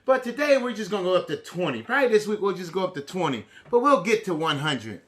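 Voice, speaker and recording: A man teaching a preschool lesson, prompting the children in an animated, sing-song call and response. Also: sits high, fast.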